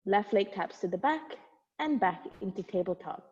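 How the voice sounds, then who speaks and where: Expressive and darkish in tone, this medium-pitched young woman speaks at normal speed while guiding an at-home barre class. Her cueing is encouraging, with counts and light laughs, and she is sometimes out of breath; the wireless earbud recording sounds dull and lo-fi with long reverb.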